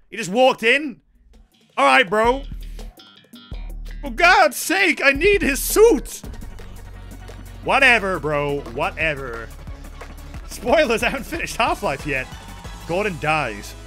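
A young man streaming a game, chatting in a rambling, excitable way with sudden shouts and swearing. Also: high-pitched. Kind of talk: casual chat while gaming.

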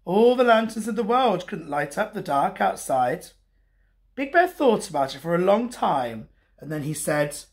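A man and teacher reading a bedtime story to children in a gentle, expressive way. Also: sits high, moderate pace.

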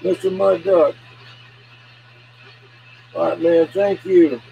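A man chatting casually and calling out loudly over a CB radio. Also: high-pitched, fairly even intonation, takes it slowly, creaky, lo-fi sound. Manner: folksy, calls out loudly over the air. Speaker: CB radio operator. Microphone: CB radio handset. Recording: CB radio with loud static.

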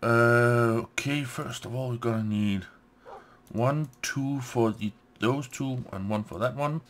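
A man's voice: mid-range voice, slow, slight background noise. A man hosting a let's play, talking himself through crafting steps and muttering "yes, yes" to himself. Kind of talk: gameplay commentary.

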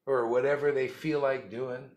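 A man's voice: medium pitch, fairly even intonation, normal speed, darkish tone. A man giving a rambling, blunt spiritual talk, mocking and laughing often. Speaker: spiritual teacher. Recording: echoey room.

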